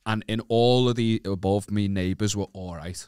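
A man's voice: on the low side, fairly even intonation, normal speed, mellow, smooth, no echo, clean studio sound. Swearing, laughing Northern English man. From Northern England. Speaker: podcast co-host. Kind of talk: casual podcast chat.

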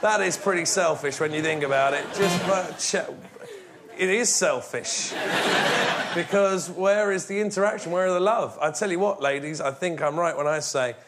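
High-voiced deadpan comedian. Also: male voice, normal speed, heavy background noise. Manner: provocative, deadpan mock-serious. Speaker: comedian debater. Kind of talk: stand-up comic rant. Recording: loud studio audience laughter.

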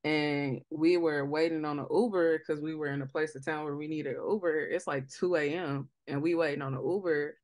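A woman's voice: low-pitched, steady tone, moderate pace, hardly any pauses, darkish tone, dry recording. A young woman hosting a podcast in casual chat, telling stories bluntly with lots of slang. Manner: blunt, slangy, emphatic storytelling. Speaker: podcast host.

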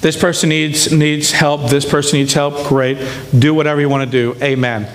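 A man's voice: on the high side, level tone, normal speed, a little hiss or hum. A man preaching a sermon as pastor, emphatic and often checking in with the congregation. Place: church sanctuary. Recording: long hall reverb in a church.

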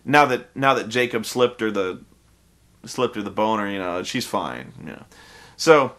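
A man's voice: lowish voice, lively intonation, measured pace, fairly bright tone, a little hiss or hum. A man in a casual, profane film review rant, exasperated and full of restarts.

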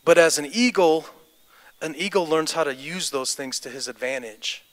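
A man's voice: on the high side, moderate pace. A man preaching a sermon and then praying, impassioned and repetitive, building to declarations. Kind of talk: sermon with closing prayer. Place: church service. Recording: music underneath. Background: music playing under the preaching.

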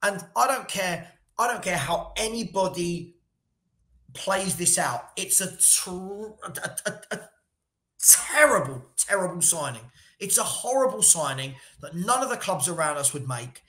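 A man's voice: sits high, animated, measured pace, pushed and bright, roomy sound. A man co-hosting a casual football debate, blunt and passionate, repeating himself when heated. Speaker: football podcast co-host.

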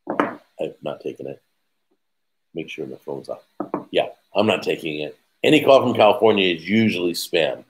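A middle-aged man hosting a casual live chat, telling rambling stories with quick asides and laughing at his own jokes. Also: sits low, low-quality recording. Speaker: host.

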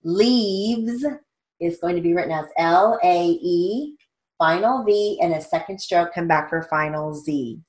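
Lady slowly reading dictation for a steno class, lowish voice, spells stuff out. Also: darkish tone. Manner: slow, measured dictation, spelling out letters. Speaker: steno theory instructor. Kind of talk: dictation lesson with explanations.

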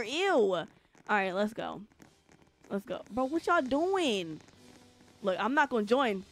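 A young woman streaming a game live, rambling and joking casually with her chat, with lots of filler words. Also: medium pitch. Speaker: gaming streamer.

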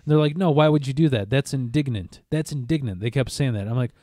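A man's voice: mid-range voice, fast talker, no echo, clean studio sound. A man in casual chat, telling a long story with lots of swearing and acting out what others said. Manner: animated, profane, acts out quotes. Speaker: podcast co-host.

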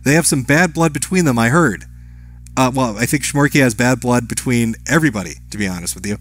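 This man's voice is medium-pitched and fairly bright, and he talks a little fast. On his live stream he reads chat names and messages aloud, replying to every one with a short offhand comment.

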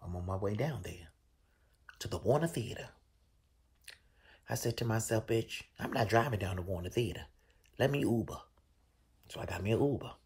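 Animated, gravelly-voiced man telling a story. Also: moderate pace, pauses often. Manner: animated, profane storytelling with loud, high bursts. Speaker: show host. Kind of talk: casual storytelling.

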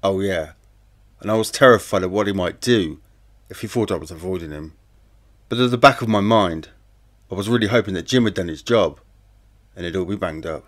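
Low-voiced man narrating true crime. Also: fairly quick, pauses often, a bit bright. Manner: plain, conversational storytelling. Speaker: audiobook narrator. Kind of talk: first-person true-crime audiobook narration.

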